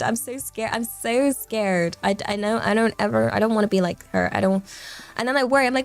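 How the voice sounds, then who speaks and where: A young woman rambles through casual stream chat in a fairly high voice, often giggling and poking fun at herself. Faint music plays quietly behind her. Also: fairly quick. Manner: rambling, giggly, self-deprecating.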